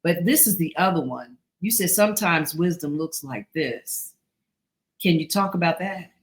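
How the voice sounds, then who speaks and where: A woman's voice: lowish voice, normal speed. A woman hosting a casual live talk with her grown daughter. She reads out viewer messages and speaks in an earnest, affirming way, often trailing off mid-sentence. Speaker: host, mother of guest.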